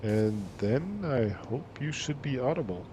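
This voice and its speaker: A man streaming a game from home, talking in easy, chatty bursts with a middle-pitched voice. Game sounds run clearly under his voice throughout. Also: lively intonation, background noise. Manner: chatty, quick asides. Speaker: streamer host. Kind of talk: casual gaming chat.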